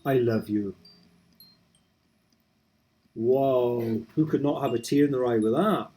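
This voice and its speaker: Guy reacting to a game he just finished, mellow voice, gushing and chatty. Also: mid-range voice, moderate pace. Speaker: video game player. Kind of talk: casual gameplay commentary.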